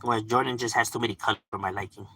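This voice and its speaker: Rapid-fire and fairly even in intonation, a man with a lowish, pushed, bright voice and a breathy edge chats on a live stream, heard through a rough recording. He swears freely, laughs often, fills his speech with "like" and "you know," and responds to unseen viewers.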